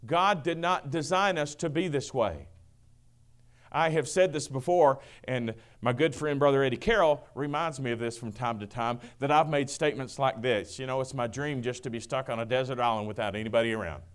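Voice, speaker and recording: A middle-aged male pastor preaching a sermon, booming then dropping to a hush, acting out quoted voices. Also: normal speed. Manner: swings from booming to hushed, acts out quotes.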